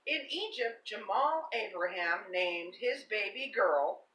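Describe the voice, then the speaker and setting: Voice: mid-range voice, animated, slow pace, pushed and bright, roomy sound, recorded from a distance, a little hiss or hum, low-quality recording. Co-host reading out odd items. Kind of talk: casual live-stream chat.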